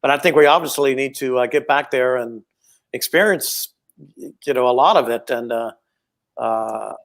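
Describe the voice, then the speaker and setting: A man's voice: mid-range voice, moderate pace, vocal fry. A man hosting a casual chat, rambling and friendly, full of compliments. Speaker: podcast host.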